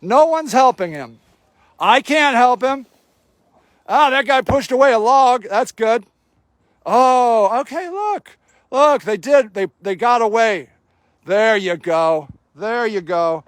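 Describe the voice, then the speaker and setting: A man's voice: very high-pitched, expressive, slow pace, no echo, studio quality. A man filming a livestream outdoors, giving indignant, sarcastic running commentary and swearing freely. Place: outdoor homeless camp in snowy cold.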